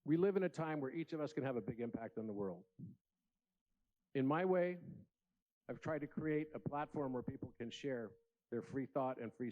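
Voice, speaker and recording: A man's voice: medium pitch, a little mellow. Man delivering an earnest inspirational talk in a big hall; mid-range voice, muffled lo-fi sound. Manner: earnest, storytelling with acted voices. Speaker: conference speaker. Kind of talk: inspirational keynote speech. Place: large conference room.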